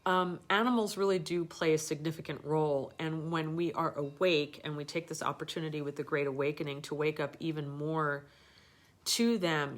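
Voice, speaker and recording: Woman host, low voice, middle-aged, rambling casual storytelling. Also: a bit bright. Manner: rambling, with many fillers and restarts. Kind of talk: casual storytelling on a live show.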